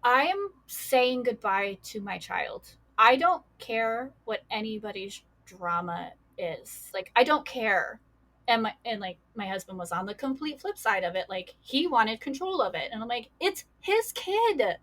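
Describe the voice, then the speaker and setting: A woman's voice: on the high side, lively intonation, a little slow, fairly bright tone. A young adult woman, a podcast guest, telling a painful personal story with many fillers and quoted voices.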